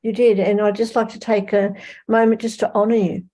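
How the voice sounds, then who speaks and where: A woman's voice: medium pitch, level tone, fairly quick, dark tone. A woman hosting a casual online interview, asking long rambling questions and affirming her guest supportively. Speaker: interview host.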